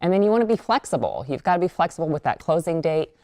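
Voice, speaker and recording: Woman agent on a tv show, super deep voice, dry close sound, confident tips. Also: sing-song, quick pace, darkish tone, no echo. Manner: confident, practical advice. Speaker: real estate agent guest. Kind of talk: TV talk segment. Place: TV studio.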